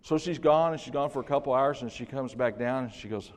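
An older man preaching a sermon as pastor in a church, swinging from hushed to loud with joking asides. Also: mid-range voice, a little fast, few pauses. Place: church sanctuary. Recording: long reverb of a church hall.

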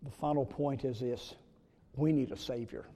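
A man preaching a sermon, telling a story in an earnest way with sudden loud rises. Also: medium pitch, normal speed. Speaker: pastor. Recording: long reverb of a church hall.

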